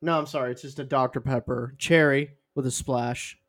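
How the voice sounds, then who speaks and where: A man's voice: medium pitch, fairly even intonation, normal speed, a bit bright. A young man co-hosting a podcast, chatting casually and acting out silly made-up scenes. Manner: goofy, riffing, acts out silly scenes. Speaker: podcast co-host. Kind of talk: casual chat.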